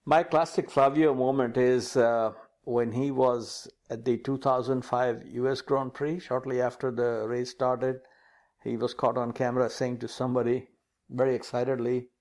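A man co-hosting a motor racing podcast, reading news items in a lively, joking manner and calling his partner "sir". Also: mid-range voice, moderate pace. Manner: animated, calls partner "sir". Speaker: podcast co-host. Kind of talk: casual news chat.

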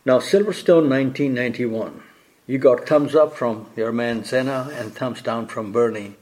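A man's voice: mid-range voice, moderate pace, darkish tone. A man interviewing a guest, prompting with brief questions.

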